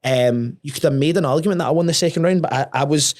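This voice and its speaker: A young man, a podcast guest telling a story in casual talk, sweary and animated, often restarting his words. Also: fairly high pitch, fast talker.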